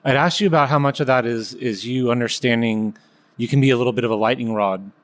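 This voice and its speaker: A fast-talking man co-hosting a sports podcast, wandering through his questions with plenty of hedges. The delivery is casual and conversational. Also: mid-range voice. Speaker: podcast co-host.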